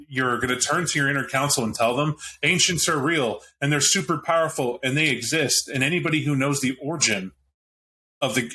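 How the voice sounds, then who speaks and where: A man's voice: mid-range voice, bright, forceful tone, a little hiss or hum. A man on a podcast panel, talking animatedly about a tabletop game with frequent restarts and asides. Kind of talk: casual roundtable chat about a tabletop game.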